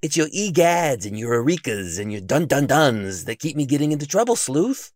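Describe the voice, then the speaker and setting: A man's voice: on the high side, big pitch swings, normal speed, darkish tone, no room sound, clean studio sound, voice pushed up. A man voicing a sensible, bookish male friend who patiently explains things. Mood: explaining.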